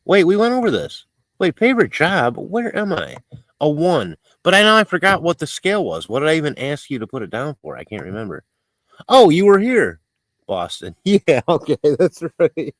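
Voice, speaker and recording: A man hosts a casual livestream, his pitch swinging up and down as he talks. He rambles, mocks himself and chuckles often. His voice is close and dry, with no room sound. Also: wildly swooping pitch, normal speed, dry recording. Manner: rambling and self-mocking, with frequent laughs and fillers. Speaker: livestream host. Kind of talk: casual chat, reading out viewer comments.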